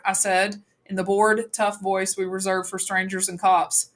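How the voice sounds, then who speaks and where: Woman audiobook narrator, brisk first-person storytelling. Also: mid-range voice, flat delivery. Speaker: audiobook reader.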